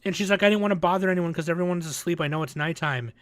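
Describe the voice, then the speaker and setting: Male podcast co-host, bright edgy tone, dry close mic, lively storyteller who swears. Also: high-pitched, rapid-fire, no room sound. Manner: animated storytelling, acts out quotes, swears. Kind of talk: casual chat.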